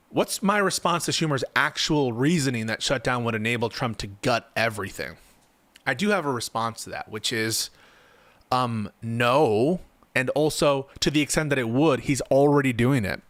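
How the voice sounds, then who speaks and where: A man's voice: mid-range voice, bright, forceful tone, dry recording. A young man streaming casual political commentary. He thinks aloud, answers his chat, and grows emphatic when he argues.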